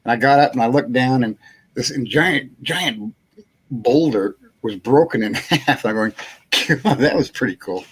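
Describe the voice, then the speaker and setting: A man's voice: medium pitch, animated, unhurried, slightly rough. A man hosting a casual live chat show, telling a long rambling anecdote, chuckling and acting out what people said. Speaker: host.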